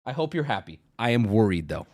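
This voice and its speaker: A male streamer giving casual, profane live commentary, swinging into loud exasperated rants. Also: lowish voice, fairly quick. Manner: animated, swearing, rising to loud exasperated rants.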